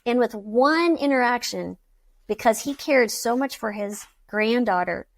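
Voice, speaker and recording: A woman's voice: a little high, measured pace, no echo. Storytelling woman doctor, close dry voice. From United States. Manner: animated storyteller, acting out quoted patients. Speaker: physician guest. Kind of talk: conversational podcast storytelling.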